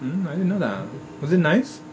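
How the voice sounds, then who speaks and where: A man's voice: fairly high pitch, big pitch swings, brisk, noisy background. A man hosting a casual chat, asking questions and sharing his own story. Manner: probing questions, soft back-channel hums. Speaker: host.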